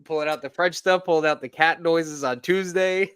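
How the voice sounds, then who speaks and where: A man's voice: fairly high pitch, steady tone, moderate pace, a bit bright, smooth, dry recording. A man co-hosting a fan football stream, joking and teasing his co-hosts between plays. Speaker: co-host, color commentator. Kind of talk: livestream banter and commentary.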